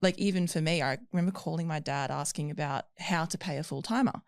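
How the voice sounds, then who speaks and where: A woman's voice: low-pitched, fast talker, dry recording, clean studio sound. A woman, a guest on a podcast, talking candidly with frequent laughter. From Australia. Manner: lively, laughs often, candid. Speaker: fitness entrepreneur guest. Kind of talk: casual interview chat.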